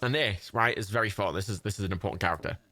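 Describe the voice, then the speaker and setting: A man's voice: fairly low pitch, racing, pushed and bright, faint music behind. A young English man in casual, rambling and self-mocking gameplay commentary as a livestreamer.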